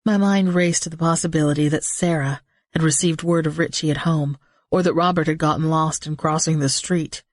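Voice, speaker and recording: Low-voiced woman narrating an audiobook. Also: a little fast, no room sound, studio quality. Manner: steady storytelling, voices characters with small pitch shifts. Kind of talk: first-person audiobook narration.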